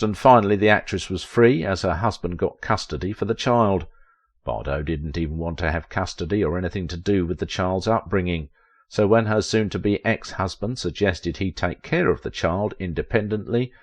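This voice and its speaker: Low-voiced guy reading a doc script, dramatic, little wry comments. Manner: dramatic storytelling with wry asides. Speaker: narrator. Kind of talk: scripted documentary narration.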